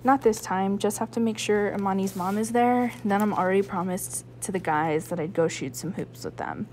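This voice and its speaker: A woman reading aloud, voicing an easygoing teenage stepbrother with a relaxed, joking manner. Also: mid-range voice, normal speed, a little hiss or hum, close to an everyday voice.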